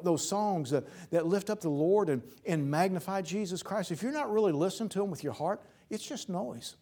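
A preacher man delivering a sermon, his voice sitting a little high for a man. He speaks in plain, folksy phrases and repeats words for emphasis. He climbs to loud, emphatic bursts, then sinks to quiet, low lines.

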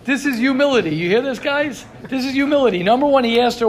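A man teaching a Talmud class who reads Hebrew lines aloud and then translates them, pausing to reassure his students. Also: very high-pitched, expressive. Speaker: Torah teacher.

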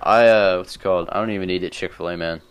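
A man's voice: deep voice, fairly even intonation, fast, noisy background. A young man co-hosting a podcast in casual chat, joking and trading crude banter. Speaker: podcast co-host.

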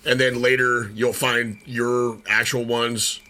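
A man's voice: medium pitch, little pitch movement, pushed and bright. A man co-hosting a podcast, riffing and joking in casual profane banter. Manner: joking, riffing with quick asides. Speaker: podcast co-host.

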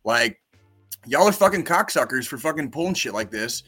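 A man's voice: medium pitch, expressive, moderate pace, pushed and bright, husky, faint music behind. A man co-hosting a podcast, ranting in casual chat with lots of swearing. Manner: profane ranting, heavy swearing. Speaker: podcast co-host.

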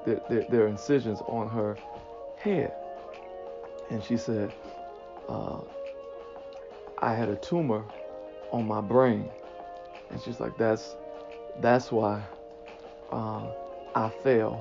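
Male preacher, gravelly, storytelling into emphatic uplift; muffled recording with soft music beneath. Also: lowish voice. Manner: retells a conversation, then builds to emphatic encouragement. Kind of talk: inspirational sermon with storytelling.

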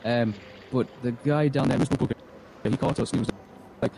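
A man's voice: mid-range voice, quick pace, vocal fry, long pauses, dark tone, slight background noise, low-quality recording. A man, game master telling an in-character story in a rambling way, acting out quoted lines. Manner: rambling, full of restarts and acted-out quotes.

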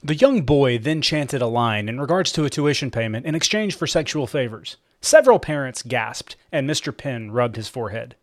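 A man narrating a comic fiction audiobook in an expressive storytelling manner. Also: mid-range voice, normal speed, hardly any pauses, no room sound, clean studio sound.

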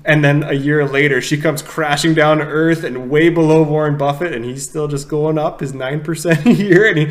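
A man's voice: a little high, fairly even intonation, normal speed, hardly any pauses. A man, co-hosting a podcast, explaining ideas step by step in casual chat and checking in with "okay?". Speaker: podcast co-host.

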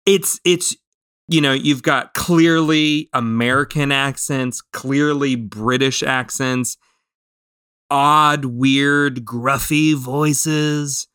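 A man's voice: mid-range voice, steady tone, very slow, fairly bright tone, clear, resonant tone, no echo, studio quality. A man co-hosting a podcast, chatting casually with a rambling, hesitant manner. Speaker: podcast co-host.

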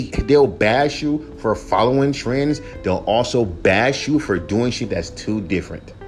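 A young man rants on his own podcast, swearing freely and hammering the same points over and over. His pitch swings widely as he heats up. Faint music plays under his voice. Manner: heated, profane, repetitive emphasis. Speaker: podcast host, rapper. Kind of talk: profane solo rant.

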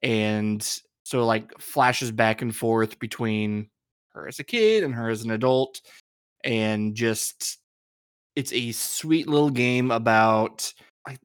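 A man's voice: medium pitch, slow pace, clear, resonant tone, no echo, studio quality. A man co-hosting a podcast in casual chat, talking hesitantly with many likes and ums. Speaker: podcast co-host.

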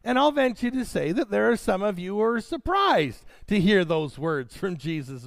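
A man's voice: high-pitched, big pitch swings, normal speed, gravelly, hardly any pauses, dry recording. A man preaching a sermon, reading scripture dramatically and addressing his congregation directly.

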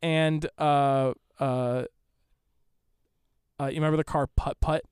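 Hesitant young man, clear and dry. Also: a little high, steady tone, slow, a little mellow, dry recording. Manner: hesitant, rambling, many fillers and restarts, swears casually. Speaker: guest. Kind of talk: casual chat.

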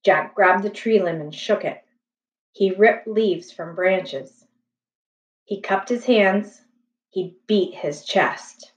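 Slow gentle woman reading a storybook. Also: medium pitch. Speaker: storybook reader. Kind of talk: reading a children's chapter book aloud. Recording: echoey room, distant, slightly dull.

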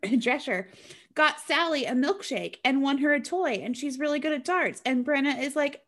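A woman's voice: high-pitched, expressive, normal speed, fairly bright tone. Chatty woman recapping with sarcastic asides. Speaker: podcast co-host recapping a film. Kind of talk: casual chat.

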